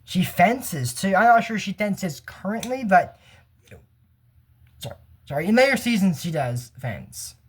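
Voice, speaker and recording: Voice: medium pitch, lively intonation, measured pace, long pauses, husky. A YouTuber from the United States reviewing a cartoon episode in casual, rambling commentary that drifts off on tangents and chuckles often.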